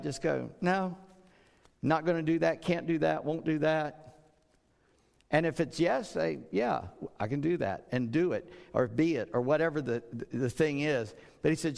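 A man's voice: on the high side, creaky, a little mellow. A middle-aged man preaching a sermon in a conversational way, often repeating words and acting out the speech he quotes. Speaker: pastor. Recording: long hall reverb.

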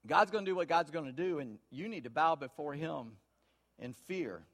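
A man preaching a sermon, folksy and storytelling, swinging from quiet asides to loud emphasis. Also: a little high, lively intonation, normal speed. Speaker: pastor.

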